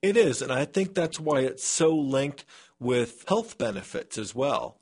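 A man's voice: mid-range voice, sing-song, measured pace, a little mellow, breathy edge. A man, a scientist, being interviewed on public radio from a remote studio, talking with hesitant restarts.

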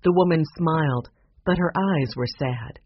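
A narrator reading a children's chapter book aloud in an expressive storybook style. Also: medium pitch, unhurried, breathy edge. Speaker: audiobook narrator. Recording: dull lo-fi recording with faint noise.

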